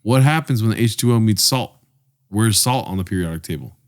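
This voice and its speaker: Brief: young male co-host, lively, swinging pitch, loud and crude, joking around. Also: fairly quick. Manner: loud, swearing, excitable, jokey. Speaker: podcast co-host. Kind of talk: casual comedic chat.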